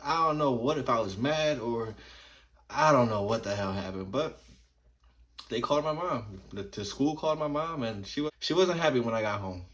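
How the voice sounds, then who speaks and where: A man's voice: medium pitch, animated, normal speed, fairly bright tone. A man in his thirties from New Jersey telling childhood stories in a laid-back, rambling way, swearing freely. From New Jersey, USA. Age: 30s. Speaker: vlogger. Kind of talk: casual storytelling.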